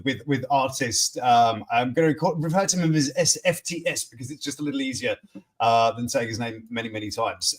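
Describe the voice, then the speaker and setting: A man hosting a casual news stream, rambling with many fillers and restarts. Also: fairly high pitch. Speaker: host. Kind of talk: casual live-stream chat.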